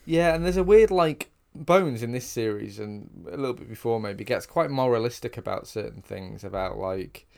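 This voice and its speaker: A man's voice: mid-range voice, lively intonation, moderate pace, creaky, few pauses, darkish tone. Sarcastic man on a chatty podcast. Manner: sarcastic, swears, mimics people in quoted voices. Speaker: podcast co-host. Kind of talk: casual chat.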